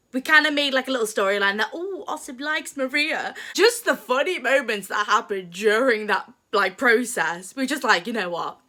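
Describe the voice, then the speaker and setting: Bright, lively young woman vlogger. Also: on the high side. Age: young adult. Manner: chatty, playful and self-mocking. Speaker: drama student vlogger. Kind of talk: casual chat to camera.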